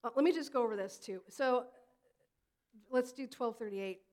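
A woman pastor in her thirties delivers a sermon with a high voice. She talks in a chatty, animated way, telling stories and acting out the lines of the people in them. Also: moderate pace. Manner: conversational, animated storytelling with acted quotes.

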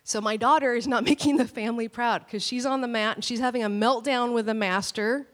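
A woman pastor preaching a sermon with animated, storytelling delivery. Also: fairly high pitch, brisk. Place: church hall. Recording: long church hall reverb.

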